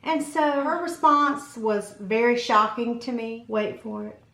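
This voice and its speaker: A woman vlogger and mom casually telling a personal story in an animated way, acting out what people said. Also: fairly high pitch, a little slow. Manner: animated, acts out quotes in her telling. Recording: roomy echo.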